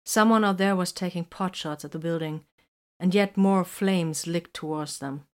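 Low-voiced woman narrating a story. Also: normal speed. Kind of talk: scripted narration.

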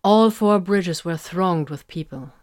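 A woman narrating an audiobook in a steady, even storytelling manner. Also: on the low side, measured pace.

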